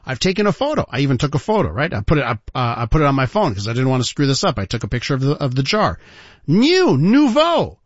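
A man hosting a talk radio show, telling a story in an animated way and calling listeners ladies and gentlemen. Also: medium pitch, rapid-fire, few pauses, no echo. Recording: dull lo-fi broadcast sound.

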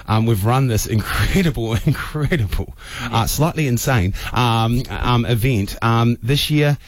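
A man hosting a radio show, chatty and openly emotional, full of quick asides. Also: mid-range voice, dry recording. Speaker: radio host. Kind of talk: casual radio chat. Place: radio studio.

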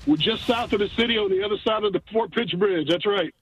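Brash high-voiced male caller. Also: fast, over music, rough recording. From Western Pennsylvania. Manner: brash, rhyming trash talk. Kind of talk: phoned-in hot take.

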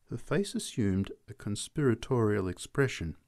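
A man reading a literary story aloud in measured, expressive narration. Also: lowish voice.

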